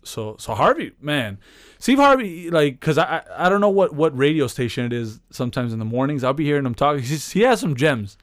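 A man's voice: on the high side, very animated, fairly quick, no echo, clean studio sound. A man co-hosting a podcast in casual chat, retelling a story with lots of restarts, fillers and profane slang. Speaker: podcast co-host.

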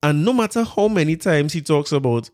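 Laughing, mocking Trinidadian commentator. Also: male voice, a little high, lively intonation, a little fast, darkish tone. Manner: mocking, laughs often, repeats words. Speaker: political commentator, host. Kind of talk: casual political commentary.

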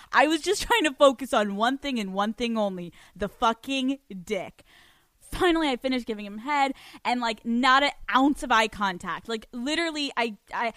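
Her voice sits a little high as this young adult podcast host answers listener letters and tells stories, blunt and swearing freely in a casual advice chat. Clean studio sound, dry recording.

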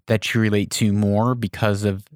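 Deep-voiced podcast host, dry sound. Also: little pitch movement, moderate pace, no room sound. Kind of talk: interview questions.

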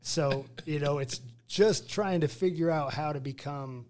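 With a fairly high voice and a measured pace, a retired fighter from Utah, now in his forties, shares his story as an interview guest. The conversation is casual, and he animates it by performing the dialogue himself.

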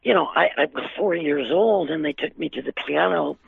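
Older lady on a tinny phone line, husky gravelly voice, chatty storyteller, laughs a lot. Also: deep voice, brisk. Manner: animated, laughs often, many fillers. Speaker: interview guest. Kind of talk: casual storytelling.

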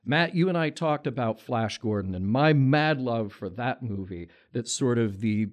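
A man talks casually on a film podcast, enthusiastic and a bit playful. He stammers into restarts now and then, and his voice sits at an ordinary pitch. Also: expressive, moderate pace. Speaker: podcast co-host.

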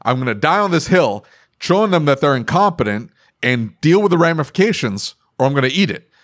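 A man's voice: fairly high pitch, very animated, brisk, a bit bright. A man hosting a podcast, talking about running his repair shop in a casual, emphatic way, repeating his points and laughing often. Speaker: podcast host and auto repair shop owner.

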